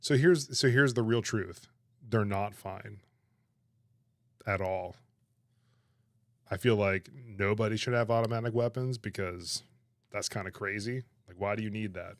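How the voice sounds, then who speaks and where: A man chatting on his livestream, animated and laughing, protesting in exaggerated disbelief. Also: fairly low pitch, measured pace, pauses often, no room sound. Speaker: streamer reacting to chat. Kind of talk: casual livestream chat.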